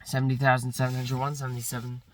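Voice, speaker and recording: A streamer counts long numbers aloud in a rapid, rote monotone, slipping now and then, correcting himself and bursting into frustrated swearing. His voice is middle-pitched and a little distant from the mic, with some hiss or hum.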